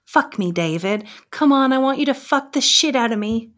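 A woman playing a loud, eager lover. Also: high-pitched, animated, moderate pace, voice pushed up. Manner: breathy, over-the-top moaning delivery.

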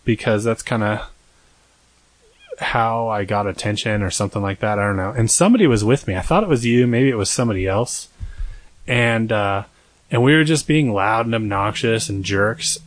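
A man's voice: lowish voice, no echo. A young man co-hosting a podcast, telling a long story in a rambling, self-deprecating way. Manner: rambling, self-deprecating, acts out quoted voices. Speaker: podcast co-host. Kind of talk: casual storytelling chat.

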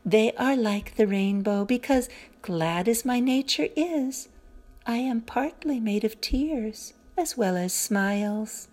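A woman's voice: a little high, lively intonation, takes it slowly. A woman voicing Hope, a sweet little female fairy who speaks kindly and cheerfully in a storybook reading. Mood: tender. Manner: soft, kind and coaxing.

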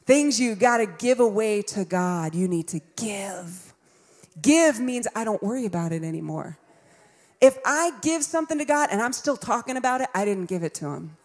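A woman's voice: medium pitch, lively intonation, normal speed. A woman in her fifties preaching a sermon in a conversational way, acting out voices and laughing along. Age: 50s. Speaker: pastor.

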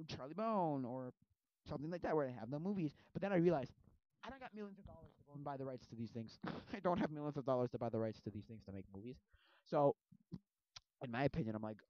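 A man's voice: medium pitch, dry recording. A man in his early twenties, rambling casually and animatedly, acting out scenes as he talks. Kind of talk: casual chat. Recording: dull lo-fi sound.

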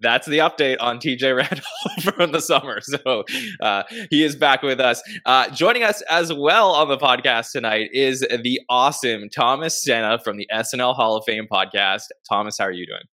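A man's voice: mid-range voice, normal speed, sharp tone. A man hosting a podcast, introducing each guest in an upbeat, casual way. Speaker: podcast host.

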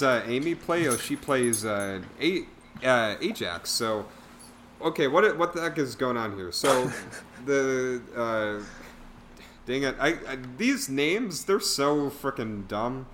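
A man's voice: mid-range voice, a bit bright, a little hiss or hum. A man casually reviewing a bad film on a podcast, rambling with lots of fillers and laughs. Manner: rambling, filler-heavy, laughs at own jokes. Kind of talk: casual chat.

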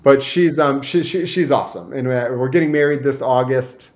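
A man's voice: medium pitch, normal speed, darkish tone. A young man from Michigan, a guest telling a story in casual chat, rambling with many fillers and restarts.

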